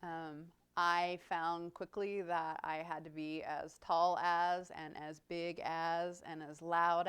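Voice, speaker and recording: A middle-aged woman, telling an animated, self-deprecating story about her career as a city manager to a club. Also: on the low side, clear, resonant tone. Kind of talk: storytelling talk.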